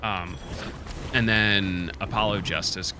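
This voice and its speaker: A man's voice: sits low, expressive, unhurried, noisy background. A man streaming a speedrun, rambling and joking profanely while he has the hiccups. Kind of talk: casual live-stream commentary.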